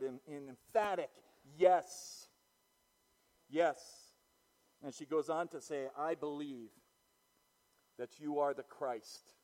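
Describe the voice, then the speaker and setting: Emphatic pastor preaching in a hall. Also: male voice, a little high, a little mellow. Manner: emphatic preaching, rising and falling, repeats words. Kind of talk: sermon. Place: church.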